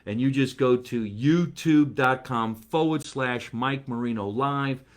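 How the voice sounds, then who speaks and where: A man of middle pitch hosts his own live comedy stream, rambling from one thought to the next. He chats casually and stops to answer viewers who write in. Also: measured pace. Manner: chatty and rambling, reads viewer comments aloud. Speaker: comedian and show host.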